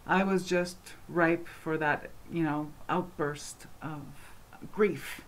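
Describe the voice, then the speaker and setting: A woman vlogging at home, answering questions in a casual, rambling chat full of fillers, animated and passionate as she talks. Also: on the low side. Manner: animated and passionate when speaking.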